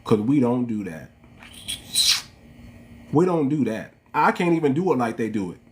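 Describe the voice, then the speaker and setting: Here the livestream host, an American man with an African American English accent, has a medium-pitched, sing-song, slightly mellow voice at normal speed. He rants to viewers he calls family, preaching and repeating himself.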